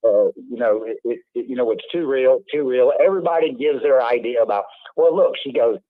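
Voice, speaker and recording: A man's voice: medium pitch, brisk, dry recording. Male host, rambling chatty delivery, tinny phone-quality audio, dry. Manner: rambling, repeats words, animated asides. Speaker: livestream host. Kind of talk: casual call-in chat.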